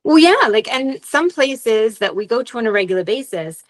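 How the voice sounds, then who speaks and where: A woman's voice: on the high side, sing-song, moderate pace. Casual swearing woman co-host. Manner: candid, swears freely, acts out quotes. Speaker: podcast co-host. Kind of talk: casual chat.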